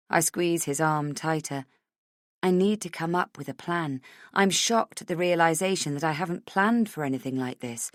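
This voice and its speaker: A woman narrating a first-person thriller audiobook in a measured, steady reading. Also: low voice, no room sound, clean studio sound.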